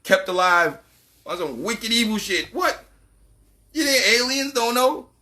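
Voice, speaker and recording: A man's voice: sits high, lively intonation, unhurried, sharp tone. A man giving a casual, profane monologue as a channel host, ranting animatedly and laughing often.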